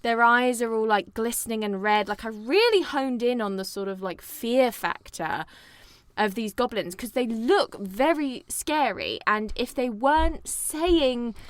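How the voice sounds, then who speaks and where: Brief: woman co-host, rambling and animated, a bit high, close dry mic. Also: a little slow, no echo. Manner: animated, rambling, full of fillers. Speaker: podcast co-host. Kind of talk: casual chat.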